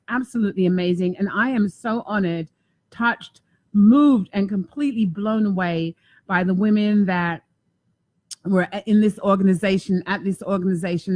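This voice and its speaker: A woman's voice: mid-range voice, no echo. A woman hosting a casual talk show, effusive and emphatic, often repeating words for emphasis. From United States. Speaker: talk show host and life coach.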